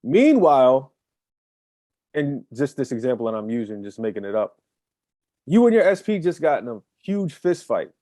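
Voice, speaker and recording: A man's voice: medium pitch, very animated, moderate pace, pauses often, warm tone, dry recording, clean studio sound. A man co-hosting a casual chat as a manifestation coach, speaking emphatically and repeating key phrases for effect.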